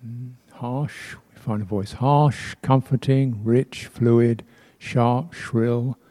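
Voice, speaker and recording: A man with a mellow, warm voice teaches as a Buddhist teacher in a temple hall. He speaks in a reflective, unhurried way, pausing often and laughing softly. He now and then imitates speech sounds playfully. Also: medium pitch, fairly even intonation. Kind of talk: dharma talk.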